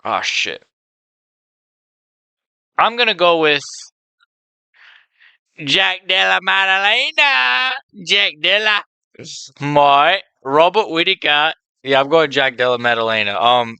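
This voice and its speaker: A man's voice: on the high side, lively intonation, a little slow, vocal fry, pauses often, sharp tone, clean tone, dry recording. A man rambling through casual fight picks, swearing freely and filling gaps with um and like. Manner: rambling, profane, with many fillers; enthusiastic fan opinions. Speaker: MMA video host. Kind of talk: casual unscripted monologue.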